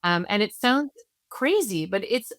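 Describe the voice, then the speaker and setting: A woman as a parenting expert guest, explaining in a conversational teaching style, animated and earnest, walking through examples step by step. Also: medium pitch, a little slow, no room sound, studio quality. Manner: animated, acts out parents and kids in quoted voices.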